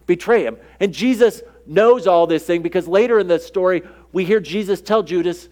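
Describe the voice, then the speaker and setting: Guy preaching, kinda high voice, chatty sermon, does little voices for the people in the story. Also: moderate pace, few pauses, a little mellow. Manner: conversational preaching, acts out quoted dialogue. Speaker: pastor.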